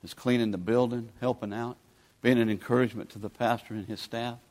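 A man's voice: mid-range voice, fairly even intonation, brisk, darkish tone. A man, preaching a sermon in a folksy, pleading, conversational way as a guest preacher. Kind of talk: sermon with altar call.

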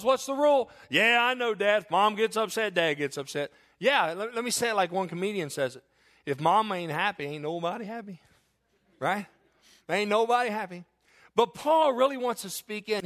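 A man preaches a sermon in a homespun, earnest manner. His voice sits high for a man. He circles back on his phrases as he warms to his point. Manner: folksy, earnest preaching with repetitions and asides. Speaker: pastor.

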